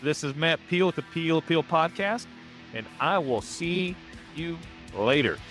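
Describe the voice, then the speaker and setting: A man's voice: on the high side, expressive, measured pace, fairly bright tone, faint music behind. An American man hosting a podcast interview, enthusiastic and upbeat, often repeating his praise. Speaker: podcast host. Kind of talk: casual interview chat.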